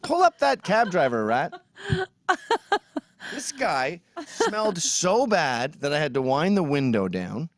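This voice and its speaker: A man's voice: on the high side, huge pitch swings, slow, no echo. A man telling comic stories in casual chat, acting out quotes in put-on voices. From immigrant who got a green card. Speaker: host. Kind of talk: casual comedic storytelling.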